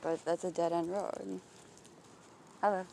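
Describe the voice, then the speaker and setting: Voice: medium pitch, flat delivery, unhurried, creaky, a little mellow, slight background noise. A vlogger walking outdoors and thinking aloud in a rambling, introspective monologue, swearing freely and breaking off and restarting thoughts.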